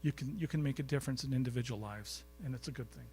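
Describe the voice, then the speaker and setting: A man's voice: medium pitch, quick pace, warm tone, a little hiss or hum. A man giving a storytelling lecture to a live audience in a college recital hall, chatty and anecdotal, often quizzing the crowd. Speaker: guest speaker.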